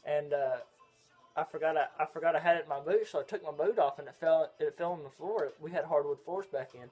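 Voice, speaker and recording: A man's voice: on the high side, fast, breathy edge. A young man, telling a story in rambling casual chat as a vlog co-host. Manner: rambling, drawling, with loud bursts of laughter.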